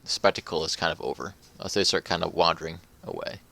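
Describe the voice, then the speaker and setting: A man's voice: low-pitched, fast, creaky, pushed and bright. A man narrating as game master in a tabletop role-play session, rambling with many filler words. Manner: rambling, filler-heavy, with many "you know"s.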